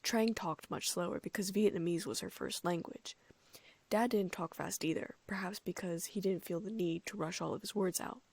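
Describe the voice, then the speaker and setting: A woman reading a first-person fan fiction audiobook in a soft, often near-whispered voice. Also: lowish voice, normal speed, vocal fry, husky. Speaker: audiobook narrator.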